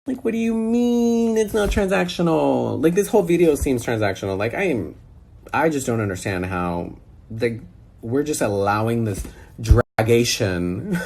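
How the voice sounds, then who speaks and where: A man rants into a phone held close, exasperated and incredulous, stacking one rhetorical question on another. His voice is a little husky. His pitch leaps around, animated and lively. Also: normal speed. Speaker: social media personality. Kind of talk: phone-recorded rant.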